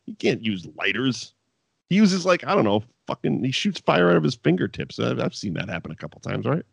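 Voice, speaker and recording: A man's voice: medium pitch, sing-song, fairly quick, vocal fry, breathy edge, dry recording. A man co-hosting a podcast, recapping wrestling in casual, profane chat and laughing often. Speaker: podcast co-host.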